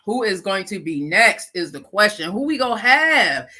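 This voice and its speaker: A middle-aged woman hosting a casual live chat with her viewers, congested and clearing her throat, animated and calling them y'all. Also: mid-range voice, normal speed. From Lackawanna, New York, USA. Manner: chatty, animated, laughing asides, calls audience y'all. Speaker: livestream host.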